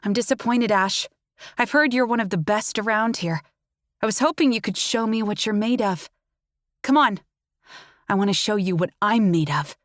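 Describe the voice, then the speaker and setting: A woman's voice: medium pitch, moderate pace, no echo, clean studio sound, pitched above the performer's own voice, natural voice. A woman voicing a cold young faerie assassin who taunts her opponent boldly. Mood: taunting. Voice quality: mocking and bold.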